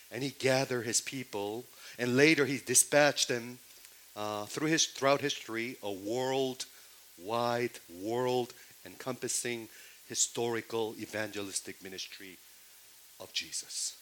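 A middle-aged male pastor preaching a sermon, asking the congregation rhetorical questions and swinging between loud emphasis and hushed lines, with non-native English phrasing and restarts. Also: medium pitch, measured pace, slight background noise, rough recording.

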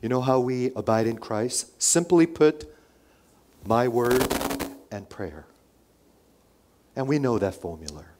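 Preacher who swings loud and hushed. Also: male voice, mid-range voice, animated, slow, pauses often, a little hiss or hum. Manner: swings between loud emphatic lines and hushed whispered asides; repeats phrases, asks the congregation rhetorical questions. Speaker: pastor. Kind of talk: sermon.

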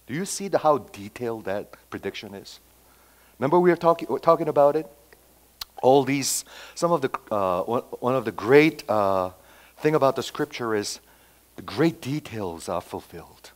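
A man preaching a sermon, acting out quotes and swinging between loud emphatic lines and quiet asides. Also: medium pitch, expressive, normal speed. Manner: acts out quoted dialogue, repeats phrases. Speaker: pastor.

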